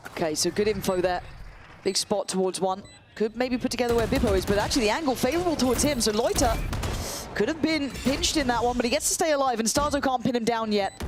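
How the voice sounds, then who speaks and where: A man casting an esports match live, fast and excitable, shouting on big plays, his voice going hoarse. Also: extremely high pitch. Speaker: play-by-play esports caster. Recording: loud game music behind.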